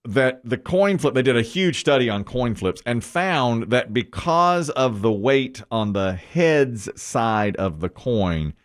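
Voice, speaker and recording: A man hosting a morning radio show, his pitch swinging widely as he tells stories. He talks in a loose, chatty way and breaks into laughter often. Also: lively intonation, slow pace, hardly any pauses. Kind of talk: casual morning show banter.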